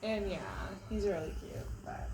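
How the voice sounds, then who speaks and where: A woman's voice: mid-range voice, moderate pace, a crowd in the background. Chatty woman teacher, lots of "like". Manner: chatty, full of likes, gossipy. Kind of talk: casual chat.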